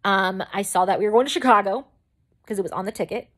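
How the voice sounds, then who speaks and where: A young woman talks straight to her viewers in a relaxed storytime vlog, with her voice at an ordinary middle pitch. She rambles, breaks off into asides and restarts her sentences. She also acts out how she reacted at the time. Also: fast talker. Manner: chatty and rambling, with side remarks and restarts. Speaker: makeup vlogger.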